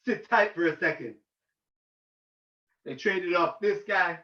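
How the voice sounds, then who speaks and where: A man, a rabbi, giving an animated informal talk to students, getting loud and excited as he tells a story. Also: high-pitched, takes it slowly. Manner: excitable, shouts and cracks when reliving a game. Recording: roomy, distant, dull lo-fi sound.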